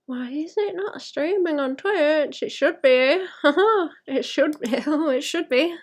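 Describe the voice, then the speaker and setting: A woman's voice: high voice, slow pace. A woman artist talking to her stream chat while painting, sweary and self-mocking, often muttering and whispering to herself. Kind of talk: live-stream chat with viewers.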